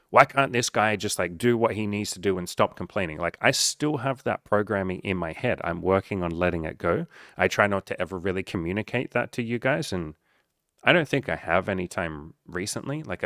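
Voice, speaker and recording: Brief: young male coach, lowish voice, swears freely, earnest and encouraging, dry close sound. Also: a bit bright, no echo. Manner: blunt and profane, earnest and encouraging. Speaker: dating and life coach. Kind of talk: casual direct-to-camera talk.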